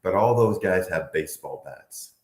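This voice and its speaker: A man in his fifties, a former football player from the Bay Area, telling animated stories in an interview and acting out quotes. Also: low voice, normal speed, echoey room. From Bay Area, United States. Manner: animated storyteller, acts out quotes, laughs often. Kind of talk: candid interview storytelling.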